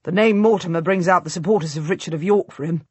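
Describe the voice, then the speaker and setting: A woman voicing an anxious, devoted noble husband in an audiobook, speaking low and urgently. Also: quick pace, darkish tone, husky, no room sound. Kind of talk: audiobook character voice.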